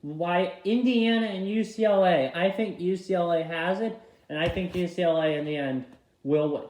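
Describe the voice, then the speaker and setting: High-voiced young man chatting picks. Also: a little mellow. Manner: chatty, quick picks with frequent apologies for misclicks. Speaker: vlogger filling out a tournament bracket. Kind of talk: casual bracket-pick commentary. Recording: echoey room sound.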